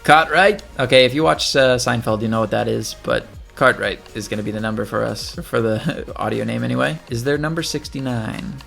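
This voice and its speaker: A man with a gravelly, fry-edged voice talks his way through a video game in easy, chatty commentary. He thinks aloud as he plays, and faint game music runs underneath. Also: mid-range voice, fairly quick, a bit bright. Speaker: gaming channel host. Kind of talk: casual gameplay commentary.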